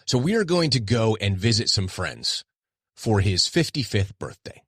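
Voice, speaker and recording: Lively-voiced middle-aged man podcasting. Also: fairly low pitch, normal speed, breathy edge, no room sound, studio quality. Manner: candid, rambling, self-deprecating. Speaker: podcast host. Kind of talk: casual solo podcast monologue.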